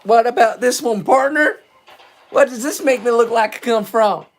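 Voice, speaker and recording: A man's voice: extremely high pitch, normal speed, pitched above the performer's own voice. A man playing a swaggering American cowboy with a drawling, tough-guy manner.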